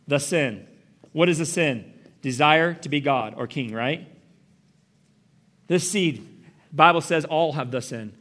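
A young man preaching a sermon as a pastor, animated and jokey, often asking the congregation questions. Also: on the high side.

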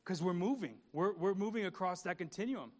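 A man's voice: high-pitched, animated, a little fast. A man pastor preaching a conversational sermon, repeating words and asking the congregation questions.

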